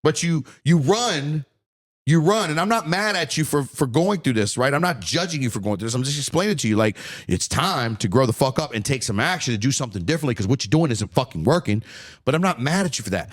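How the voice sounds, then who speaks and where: A man's voice: mid-range voice, lively intonation, fast. A man in his forties from the United States, hosting a solo podcast in a blunt, heated rant full of swearing and repeated words. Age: 40s. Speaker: podcast host.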